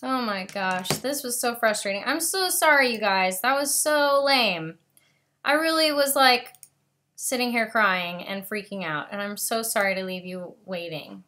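A woman's voice: a little high, unhurried, bright, forceful tone. A bubbly young woman hosting a casual live stream from home, gushing and talking straight to her viewers over a webcam.

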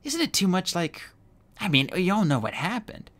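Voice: medium pitch, very animated, normal speed, a bit bright, pitched above the performer's own voice. A reluctant adult dragon argues in an uneasy, snappish voice, played by an audiobook reader. The reading rises and falls broadly, storybook style.

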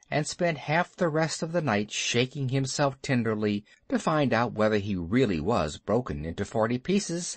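A man reading a classic story aloud as an audiobook narrator, expressive and lively. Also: medium pitch, dry recording.

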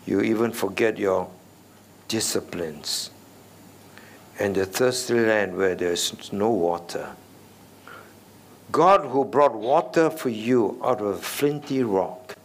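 A middle-aged man preaching an expository sermon as senior pastor, stressing key words and putting rhetorical questions to the congregation. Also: medium pitch.

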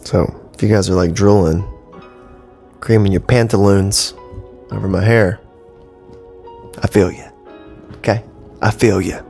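A man's voice: fairly low pitch, steady tone, measured pace, creaky, pauses often, a little mellow, faint music behind. A man in his thirties hosting a casual solo podcast from home, talking bluntly with lots of swearing and rambling asides. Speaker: podcast host. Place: home studio with cables. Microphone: podcast mic.

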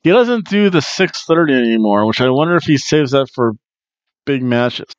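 A man's voice: medium pitch, animated, normal speed, clean tone, no room sound, dull audio. A man hosting a wrestling review podcast, rambling casually through a recap and breaking into goofy chants and sing-song asides.

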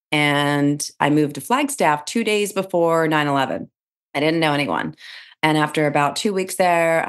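Low-voiced, lively middle-aged woman storyteller. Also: clean tone. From New Jersey. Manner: animated storyteller, laughs often, quick restarts. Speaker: podcast guest, real estate speaker and trainer. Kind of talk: casual interview chat.

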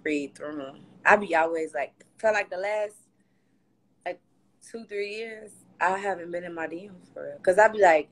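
A woman's voice: lowish voice, normal speed. A young woman, a reality show guest talking candidly and loosely in a casual livestream interview over a phone. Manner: candid, loose, animated with slang. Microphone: phone on a live video call.

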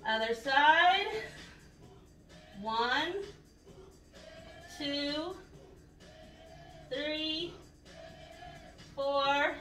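Chatty woman vlogger counting reps at home, a touch out of breath; bright voice, recorded from across an echoey room. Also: high-pitched, recorded from a distance. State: a little out of breath. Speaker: vlogger doing a home workout. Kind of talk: casual workout vlog with rep counting.

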